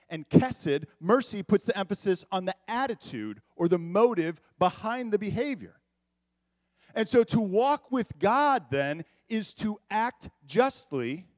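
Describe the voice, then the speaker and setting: A pastor preaching a sermon in a conversational, animated way, with quick asides to the congregation. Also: male voice, on the high side, no echo.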